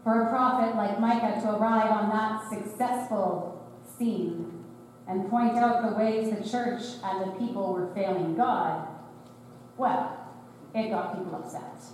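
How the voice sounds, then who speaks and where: A woman's voice: mid-range voice, unhurried, a little mellow, a little hiss or hum. A woman preaching a sermon in a wry, conversational way, slipping into sarcastic voices for quoted lines. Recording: echoey sanctuary, voice from far off.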